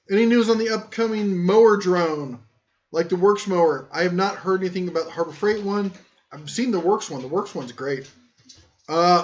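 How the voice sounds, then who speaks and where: On a laid-back tool-talk live stream, a high-voiced host goes through chat, rambling and poking fun at himself. The recording sounds muffled and lo-fi, like it came from an inexpensive stream mic.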